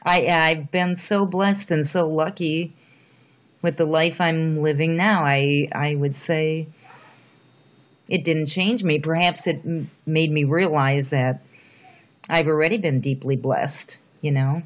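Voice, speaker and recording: A middle-aged woman speaking softly and reflectively in a personal interview, with thoughtful pauses. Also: low voice, fairly even intonation. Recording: dull lo-fi recording.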